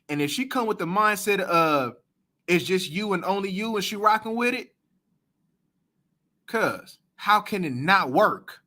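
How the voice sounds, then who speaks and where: High, bright-voiced man ranting in slang. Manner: animated, slangy, swings from loud disbelief to low mutters. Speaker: reaction channel host. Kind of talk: casual reaction commentary.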